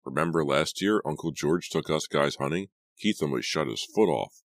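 A man's voice: rumbling low, normal speed, a little hiss or hum. A man reading the lines of a cocky, smug teenage boy in an audiobook, sarcastic in tone.

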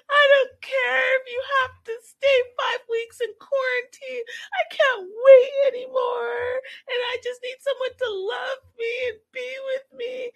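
A woman's voice: flat delivery, measured pace, creaky, exaggerated voice, rough recording. A woman putting on the voice of a whiny, melodramatic young woman, sobbing and shrieking. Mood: sobbing mockery. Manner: wailing, sobbing, shrieking high.

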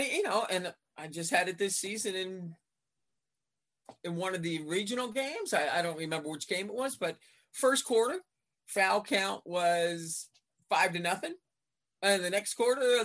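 A woman in her fifties with the confident tone of a veteran referee. She tells her stories with animation, switching voices to act out coaches and partners. Her pitch sits in the middle for a woman. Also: moderate pace. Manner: animated storyteller acting out court exchanges. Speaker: basketball referee, podcast guest. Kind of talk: casual interview chat.

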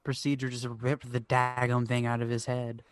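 A man's voice: mid-range voice, monotone, moderate pace, smooth, dry recording. A man co-hosting a casual podcast, joking and playful in conversation. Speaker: podcast co-host.

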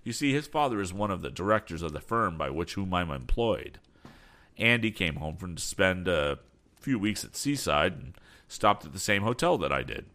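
A man's voice: low voice, sing-song, moderate pace, a bit bright, full character voice. A man reading an audiobook, voicing a polite, persuasive male business agent. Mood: coaxing. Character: smooth persuasive middle-aged male agent.

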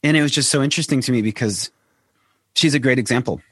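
A man's voice: mid-range voice, fast talker, fairly bright tone, no room sound, clean studio sound. A man who belongs to a church, speaking as a guest in a casual conversation, hesitant and often searching for words.

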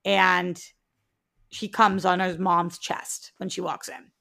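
A woman co-hosting a casual podcast chat, blunt and animated, swearing freely. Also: fairly low pitch, slow, creaky. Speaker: co-host.

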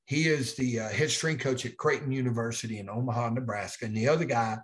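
A man's voice: mid-range voice, fast. A middle-aged man, a strength coach rambling through a folksy story in an interview answer. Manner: folksy, rambling, Southern turns of phrase.

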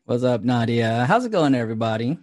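Animated, swearing male podcast co-host. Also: mid-range voice, a little fast, no room sound, clean studio sound. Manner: animated, laughing, swears freely. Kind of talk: casual podcast chat.

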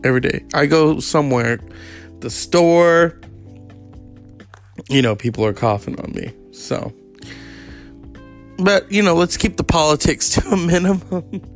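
A man hosts a casual podcast monologue, rambling from story to story with plenty of fillers and profanity. His voice sits a little high and has a gravelly edge. Faint music plays softly behind him. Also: lively intonation, measured pace, long pauses. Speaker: podcast host.

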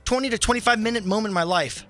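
A man co-hosting a morning radio show, telling a story in an animated way and acting out his own shouting. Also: sits high, rapid-fire, faint music behind. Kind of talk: casual radio banter.

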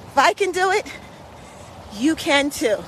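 A woman pacing listeners on a brisk outdoor walk in a park, slightly breathy from walking, with encouraging, repetitive coaching cues. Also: high voice, lively intonation, slight background noise, rough recording. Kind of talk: motivational workout vlog while walking.

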